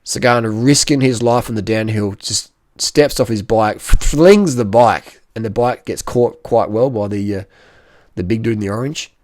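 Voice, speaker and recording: A man commenting casually over race footage in an excitable, slangy way, full of exclamations. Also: fairly low pitch, a little slow, no room sound, studio quality. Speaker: cycling vlogger.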